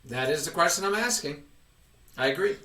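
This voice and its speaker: A man's voice: on the high side, expressive, brisk, sharp tone. A man teaching a chess lesson, patiently quizzing his student with questions, recorded with room echo from a distance.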